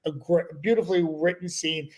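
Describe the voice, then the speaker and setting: A man's voice: fairly high pitch, a little fast, a little mellow. A man hosting a podcast, chatting enthusiastically over a remote call. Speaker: podcast host. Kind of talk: casual chat.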